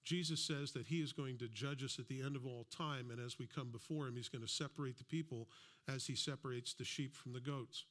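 A man's voice: medium pitch, a little fast, a bit bright. Conversational man preaching a sermon. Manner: conversational preaching with asides and acted-out quotes. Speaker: pastor. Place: church.

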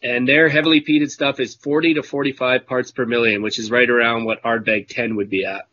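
Rambling bright-voiced man on a call. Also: mid-range voice, level tone, fairly quick, lo-fi sound. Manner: rambling storyteller, self-correcting. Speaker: whisky club member. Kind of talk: casual chat.

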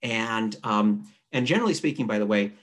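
A man, a newspaper editor, giving a relaxed, chatty writing lesson over a video call, reading example sentences aloud to show their rhythm. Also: lowish voice, a little fast. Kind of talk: conversational online writing lesson. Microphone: computer mic on a video call.

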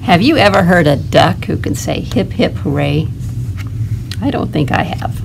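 A woman librarian leading a toddler storytime, reading a picture book aloud in a gentle, animated way. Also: on the low side, normal speed, vocal fry, background noise. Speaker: children's librarian.

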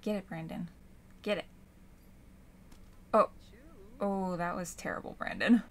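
A young woman casually commenting on her own gameplay, gushing and squealing with excitement. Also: on the low side, unhurried, slight background noise. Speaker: gaming channel host.

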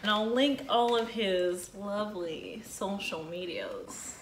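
A woman's voice: medium pitch, sing-song, slow pace. A woman from Texas with a Southern accent, hosting a casual chat in a chatty, playful way. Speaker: host. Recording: echoey room with faint noise.

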